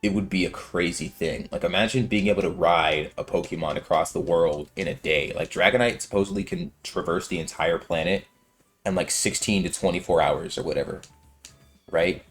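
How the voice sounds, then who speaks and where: A man's voice: low-pitched, fairly even intonation, normal speed, faint music behind. A man in his twenties giving rambling, slangy commentary while playing a video game. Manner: rambling, filler-heavy, slangy. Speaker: let's-play gamer. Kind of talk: casual gameplay commentary.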